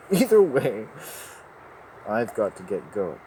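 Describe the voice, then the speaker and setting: Man rambling and joking, laughs a lot, on a walk outside; low voice, noisy outdoor sound. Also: very animated, slow pace. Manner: rambling, jokey, often laughing. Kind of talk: rambling monologue while walking. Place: outdoors by a river at dusk.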